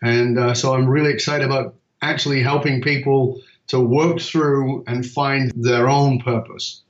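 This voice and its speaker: A man's voice: medium pitch, unhurried. A middle-aged man tells stories as a podcast guest and acts out both sides of remembered conversations. His voice sits in the middle of the range. The sound is roomy and a little dull, as if it came from a remote setup. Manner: animated storyteller, acts out dialogue. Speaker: podcast guest, speaker and author. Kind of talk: storytelling interview talk.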